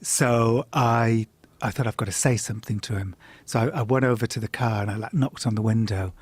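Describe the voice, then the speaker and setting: A middle-aged man telling an anecdote in a casual chat, animated and swearing, often laughing and jumping up in pitch when he quotes people. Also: a little fast, husky, no echo. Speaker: guest storyteller.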